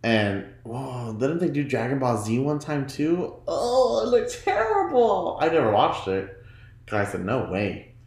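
A man hosting his own podcast in casual solo chat, chatty and giggly, often jumping into high mock voices when he quotes himself. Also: unhurried, roomy sound. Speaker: podcast host.

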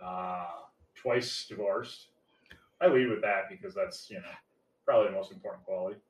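A man's voice: deep voice, fast talker, roomy sound, far from the mic, rough recording. A man in his forties co-hosting a podcast, joking in casual chat with crude, self-mocking banter. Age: 40s. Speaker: podcast co-host.

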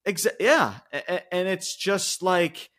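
A man's voice: high-pitched, expressive, a little slow, a bit bright. A man co-hosting a wrestling podcast, ranting heatedly with lots of swearing and repeated words. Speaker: podcast co-host. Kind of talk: casual wrestling podcast rant.

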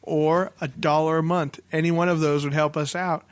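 A man's voice: a little high, little pitch movement, normal speed, no echo. A young man co-hosting a podcast, chatting casually, joking and cutting in on others. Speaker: podcast co-host. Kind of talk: casual banter.

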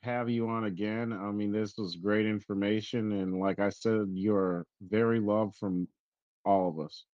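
A man's voice: lowish voice, fairly even intonation, unhurried, darkish tone, no echo. A man hosting a casual interview, effusive and generous with his thanks and praise. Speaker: show host. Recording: dull, dry lo-fi sound.

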